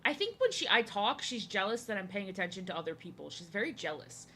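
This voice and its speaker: A woman's voice: medium pitch, expressive, quick pace, pushed and bright. Young woman, art streamer, casual rambling chat, repeats herself, faint room hum. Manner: chatty, repeats herself, greets viewers. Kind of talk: casual live-stream chat while drawing.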